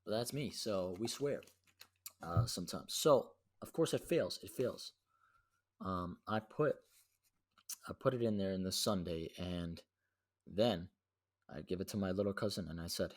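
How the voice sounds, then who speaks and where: A young man hosts his own show and tells a story in a casual, rambling way. His voice sits on the low side. He swears freely and peppers his talk with "dude". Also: unhurried, pauses often. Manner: slangy and profane, says "dude" a lot, animated retelling. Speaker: podcast host.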